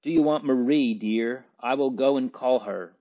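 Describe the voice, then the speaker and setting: A man voicing a gentle, worried older brother speaking politely in a storybook reading. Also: medium pitch, normal speed, muffled recording, pitched above the performer's own voice, close to an everyday voice. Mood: tender.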